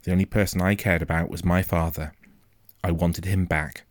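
A man reads a first-person storybook aloud in a quiet, measured, suspenseful manner. His voice is very low. The recording is close and dry, with no room sound. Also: steady tone, dry recording. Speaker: audiobook narrator.

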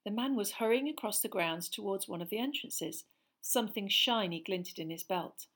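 Female narrator, measured storybook reading at a medium pitch. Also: fairly bright tone. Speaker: audiobook narrator.

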